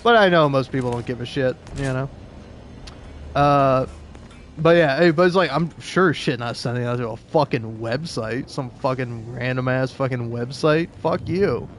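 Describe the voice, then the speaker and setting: A young adult man who makes gaming videos rants casually while playing, rambling and profane, laughing often and restarting his sentences. His medium-pitched voice moves at a moderate pace with faint music behind.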